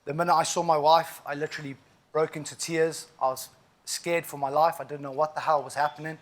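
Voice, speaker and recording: In a clear South African accent and a voice pitched a little high for a man, a speaker of about forty tells his own story as an inspirational keynote. He is emphatic and full of asides, yet his delivery is flat and a little fast.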